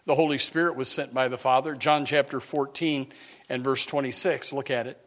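Fervent preacher, loud then hushed. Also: male voice, medium pitch, fairly even intonation, moderate pace. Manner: many restarts and repeated words; reads scripture in old-fashioned wording. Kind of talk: sermon.

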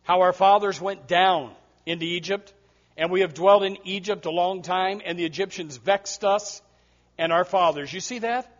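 A man preaching a sermon, emphatic, swinging between loud passages and hushed ones. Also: high-pitched, moderate pace. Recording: muffled lo-fi sound.

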